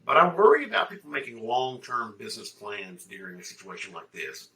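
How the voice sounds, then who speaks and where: Emphatic man from Mississippi, very bright tone, slightly distant from the mic. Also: medium pitch, big pitch swings, a little fast. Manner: emphatic, rising to loud bursts. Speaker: guest, agency mentor. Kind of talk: interview answers.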